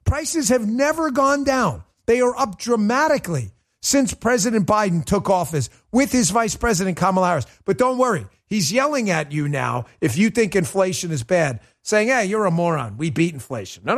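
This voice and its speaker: A male political talk host gives livestreamed commentary in a high, lively voice. He rants emphatically and sarcastically, his tone swinging widely, at a normal speed with hardly any pauses.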